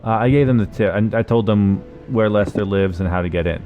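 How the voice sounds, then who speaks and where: A man voicing a young, unsure kid who talks in halting bits with many fillers. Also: on the low side, dark tone, soft background music, lightly acted. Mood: earnest.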